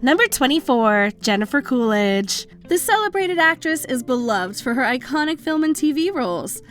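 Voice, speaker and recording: A woman's voice: sits high, sing-song, moderate pace, a bit bright. A woman reading a scripted countdown voice-over in a polished, upbeat way. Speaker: countdown narrator. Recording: faint music bed under the voice.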